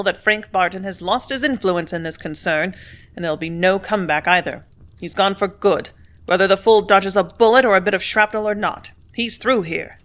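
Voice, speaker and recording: A woman reading a story, voicing a blustering male factory superintendent who speaks loudly and brusquely. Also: mid-range voice, lightly acted. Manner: loud, brusque, bullying.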